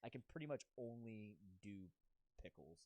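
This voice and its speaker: A man's voice: fairly low pitch, animated, normal speed, mellow, no echo. A man co-hosting a podcast, telling stories in a rambling, casual way with frequent restarts. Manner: rambling, loose storytelling with restarts. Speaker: podcast co-host. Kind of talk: casual chat.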